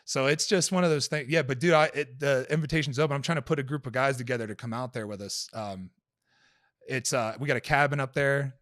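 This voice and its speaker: A man's voice: mid-range voice, quick pace, fairly bright tone, no room sound, clean studio sound. A man in a casual podcast conversation, telling a hunting story in a rambling way, with lots of swearing and fillers.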